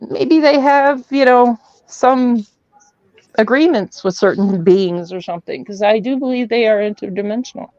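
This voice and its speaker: A woman guest telling her experiences in a casual, rambling way, full of fillers and animated retellings. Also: on the high side, moderate pace, dry recording, lo-fi sound. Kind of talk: casual storytelling on a call-in show.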